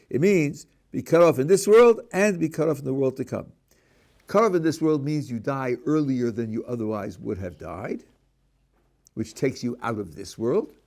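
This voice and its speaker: Animated rabbi lecturing on a text. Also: male voice, medium pitch. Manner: animated, reads a passage aloud then explains it, with many restarts. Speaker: rabbi teaching a class.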